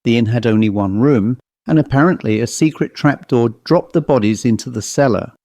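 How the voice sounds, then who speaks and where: A man's voice: medium pitch, fairly quick, darkish tone, dry recording, natural voice. A man reading an audiobook, voicing a proud, rotund police constable in his thirties with a provincial English accent, polite and inquisitive. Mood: uneasy. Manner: polite, inquisitive, increasingly uneasy.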